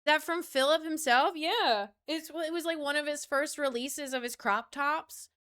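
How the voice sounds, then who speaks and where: A woman's voice: high voice, a little slow, sharp tone. A woman streamer chatting casually with her viewers, playful and loose, swearing freely.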